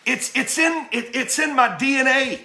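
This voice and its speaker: A man's voice: very high voice, normal speed, bright, forceful tone. A man preaching an impassioned sermon as a bishop, fervent, stumbling over repeated words and firing rhetorical questions. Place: church. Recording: echoey church sanctuary.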